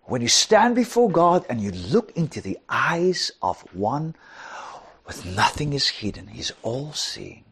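A middle-aged man from South Africa preaching a sermon, dropping to hushed whispers and rising to loud emphatic declarations. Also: medium pitch, big pitch swings, a little slow, husky.

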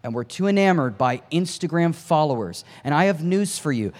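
Male preacher, storytelling sermon, builds to shouting peaks, casual asides to the crowd, long hall reverb. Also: on the high side, expressive, normal speed, hardly any pauses. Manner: impassioned, climbs to near shouting at peaks; conversational asides to the congregation.

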